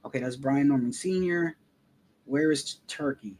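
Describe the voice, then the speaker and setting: A man's voice: medium pitch, measured pace, a little mellow, slight background noise. A man giving casual, heated commentary, profane and repeating himself as he rants. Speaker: boxing commentary streamer.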